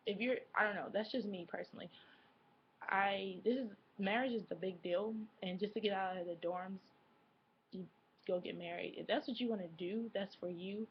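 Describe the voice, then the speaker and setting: A woman's voice: mid-range voice, normal speed, muffled recording, slight background noise. A woman in her twenties chatting casually to camera as a vlogger, rambling with lots of fillers and self-corrections. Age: 20s.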